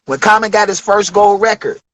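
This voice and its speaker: A man in his forties from Detroit, a rapper telling studio stories in a loose, profane, animated way during an interview. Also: high-pitched, brisk, no room sound, rough recording. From Detroit, USA. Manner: profane, animated storytelling with acted quotes. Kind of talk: casual storytelling interview.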